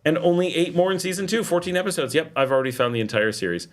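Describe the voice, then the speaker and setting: A man's voice: on the high side, fast. A middle-aged man hosting a casual livestream, chatting and reading viewer comments aloud. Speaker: livestream host. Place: home in Nicaragua.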